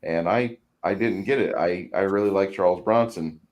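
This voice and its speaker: A man's voice: deep voice, moderate pace, a little mellow. A man hosting a casual stream, chatting while painting miniatures, rambling and often repeating words. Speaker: stream host. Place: home.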